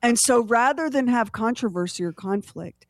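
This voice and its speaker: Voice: mid-range voice, normal speed, no room sound. A co-host in casual chat who laughs often and drifts into playful tangents.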